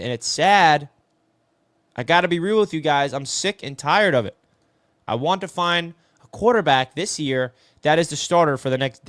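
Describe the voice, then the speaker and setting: A man's voice: a little high, fairly bright tone, dry recording, clean studio sound. A man hosting a casual live sports talk stream, reading viewer comments and calling people "bro". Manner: chatty, answers viewer comments, says "bro" a lot.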